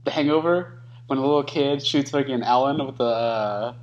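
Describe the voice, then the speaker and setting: A man's voice: medium pitch, highs cut off. A man co-hosting a podcast, laughing often and acting out silly bits of imagined dialogue. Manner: giggly, slow, acts out mock dialogue. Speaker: podcast co-host. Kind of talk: casual comedic banter.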